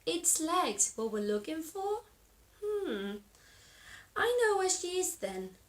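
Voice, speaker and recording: A woman's voice: very high-pitched, very animated, slow pace, pitched above the performer's own voice, heavily acted. A woman voicing a helpful, eager female butterfly in a read-aloud storybook, humming thoughtfully and rhyming. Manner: musing hums, sing-song rhymes.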